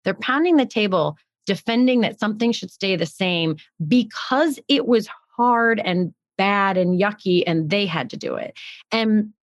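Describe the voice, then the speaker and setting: A woman's voice: medium pitch, lively intonation, unhurried, no echo, studio quality. A woman co-hosting a podcast, thinking aloud in casual reflective chat with frequent restarts. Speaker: podcast co-host.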